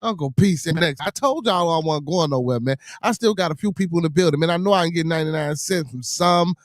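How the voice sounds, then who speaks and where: A man hosting a livestream podcast, animatedly begging chat for super chats and shouting out supporters. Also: fairly high pitch, quick pace, heavy background noise. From Chicago area.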